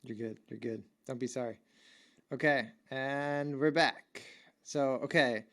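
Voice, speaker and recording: A man's voice: medium pitch, steady tone, measured pace, a bit bright. A man hosting a podcast interview, enthusiastic, stacking up praise and follow-up questions. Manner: enthusiastic, repeats praise words. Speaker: podcast host.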